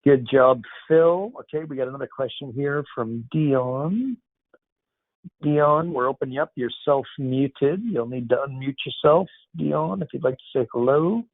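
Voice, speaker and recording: A man's voice: medium pitch, a little slow, no room sound. A man hosting a casual question-and-answer session on a video call, upbeat and chatty with loose slang. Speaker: host. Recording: tinny dry call audio.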